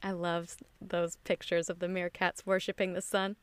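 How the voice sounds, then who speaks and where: A woman with a smooth, clear voice asks curious, playful questions on a casual podcast. Her delivery is easy and conversational. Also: fairly low pitch, little pitch movement, normal speed, no room sound.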